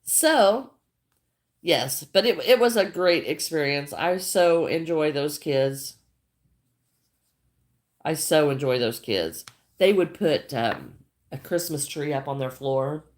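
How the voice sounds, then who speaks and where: Older lady doing a craft livestream, kinda low voice, chatty, says hi to everyone. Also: lively intonation, slow pace, long pauses. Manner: chatty, greets viewers by name, repeats herself. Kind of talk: casual livestream chat while crocheting.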